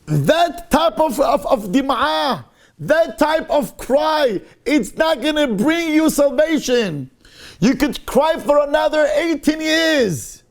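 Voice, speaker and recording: A man's voice: very high voice, sing-song, slow. A man, a rabbi giving an emphatic Torah lecture and slipping Hebrew phrases into his English. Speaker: rabbi teaching a Torah class.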